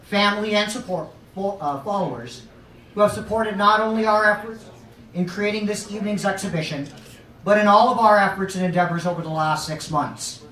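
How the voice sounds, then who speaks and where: A man's voice: high-pitched, brisk, sharp tone. A man giving an earnest, formal welcome speech at an art show. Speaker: founding member of an art group giving a speech. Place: art show in a restaurant lounge. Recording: roomy sound from a distant camera.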